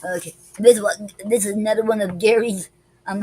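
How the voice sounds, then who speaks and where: A woman hosting a live-stream poetry club, reading her own poems aloud slowly and deliberately between casual remarks with fillers. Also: mid-range voice, steady tone, warm tone, slightly rough, no echo, poor audio. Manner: slow deliberate reading with many pauses and fillers.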